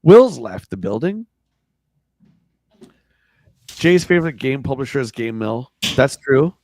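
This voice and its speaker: A man's voice: mid-range voice, very animated, slow pace, a little mellow, dry recording. A man co-hosting a casual livestream, reading a magazine aloud with sarcastic, jokey asides. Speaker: podcast co-host.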